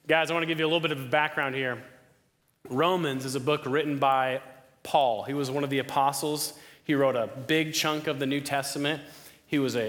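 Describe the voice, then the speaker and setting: A young man preaching a sermon to a campus crowd, lively, often asking the listeners questions. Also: fairly high pitch. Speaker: campus ministry speaker. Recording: long hall reverb.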